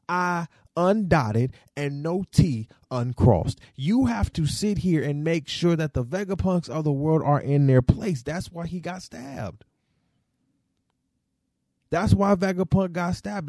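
A man hosting a podcast, giving casual, slangy commentary that swings into animated rants. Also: high voice, dry recording, studio quality. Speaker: podcast host.

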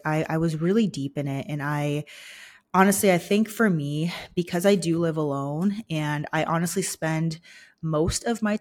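A young woman hosting a personal podcast, speaking candidly and vulnerably with many fillers, emotional and close to tears. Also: low-pitched. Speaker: podcast host. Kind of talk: personal reflective monologue.

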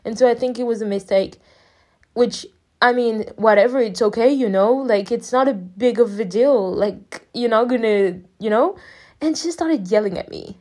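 A woman's voice: a little high, moderate pace, warm tone. A woman in her early twenties telling a personal story in a casual, rambling way, quoting everyone with "I was like.". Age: 20s. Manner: rambling, quotes people with "I was like". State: near tears at times. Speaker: podcast host.

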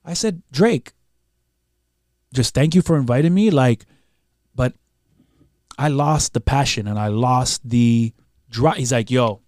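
A man's voice: mid-range voice, takes it slowly, pauses often, dry recording, studio quality. A man from Canada, a podcast guest, telling a story casually, swearing often and acting out what other people said. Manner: animated, swears freely, acts out what others said. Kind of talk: casual storytelling with quoted dialogue.

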